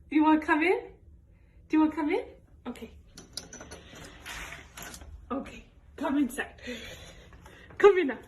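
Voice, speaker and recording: A woman's voice: high voice, slight background noise. Woman coaxing her dog playfully.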